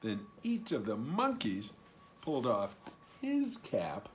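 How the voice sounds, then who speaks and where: A man's voice: medium pitch, wildly swooping pitch, slow pace, slight background noise. Man reading a children's story expressively. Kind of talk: reading a picture book aloud.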